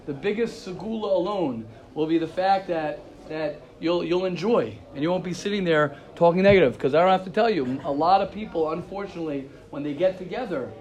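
A man leads an informal class in a fairly high voice. He tells stories with animation and repeats his key phrases for emphasis. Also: a little fast, hardly any pauses, darkish tone, highs cut off. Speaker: Torah teacher.

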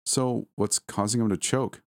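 A man's voice: fairly low pitch, steady tone, unhurried, vocal fry, dry recording, pitched above the performer's own voice. A frightened young wife, tearful and pleading, her voice lifted well above the reader's own, as a man puts her on. Her words come close and dry, with no room around them. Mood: worried.

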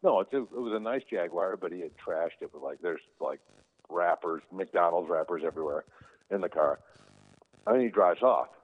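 Man, very low voice, animated storyteller, narrow phone-like sound. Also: normal speed, slightly rough. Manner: animated, quotes people in raised voices. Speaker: guest telling stories about his brother. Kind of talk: casual anecdotal storytelling. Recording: tinny phone-like line.

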